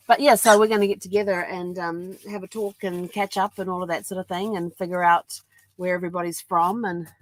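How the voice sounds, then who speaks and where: A woman from New Zealand with a New Zealand accent, chatting casually in a rambling daily vlog, full of ums. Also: fairly low pitch. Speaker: vlogger. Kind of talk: casual chat. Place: at home with her dog.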